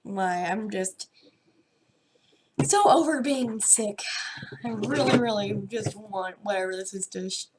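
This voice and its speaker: A woman's voice: medium pitch, a little slow, long pauses, noisy background. A woman with a head cold and a sore throat, chatting in a nasal, stuffed-up voice on a casual TV reaction vlog, rambling and trailing off mid-sentence. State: sick with a head cold, congested. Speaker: TV reaction vlogger.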